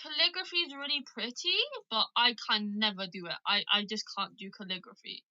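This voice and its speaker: A woman's voice: mid-range voice, very animated, a little fast, pushed and bright. A woman with a Birmingham accent chatting casually with callers and playfully correcting their pronunciation. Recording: muffled lo-fi line.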